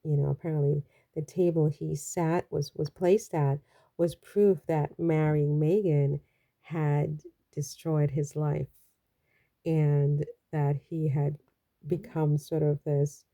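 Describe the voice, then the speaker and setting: A woman's voice: low voice, little pitch movement, takes it slowly, warm tone. A woman from the Caribbean giving casual, chatty and rambling commentary on a vlog, with frequent exclamations. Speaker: royal news vlogger.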